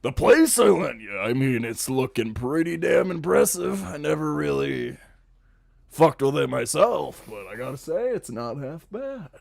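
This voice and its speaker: A man's voice: a little high, very animated, unhurried, vocal fry, no room sound, studio quality, voice pushed up, exaggerated voice. A man doing a sly, drawling patron. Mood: teasing.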